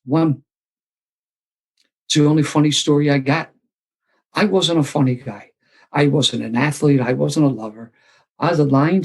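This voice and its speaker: A man's voice: medium pitch, husky, poor audio. A man, telling a self-deprecating story to a live recovery meeting and acting out the voices he quotes. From Philadelphia area. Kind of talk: storytelling talk to a live audience.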